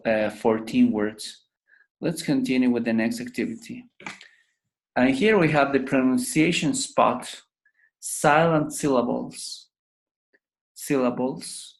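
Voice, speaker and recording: Slow, patient male English teacher. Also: medium pitch, vocal fry. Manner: repeats each word slowly to drill pronunciation. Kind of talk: pronunciation lesson.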